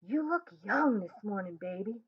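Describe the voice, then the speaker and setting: A woman's voice: mid-range voice, animated, moderate pace, husky. A woman voicing a restless young husband who teases and needles his wife. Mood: wry. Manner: wry, needling. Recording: tinny phone-like sound.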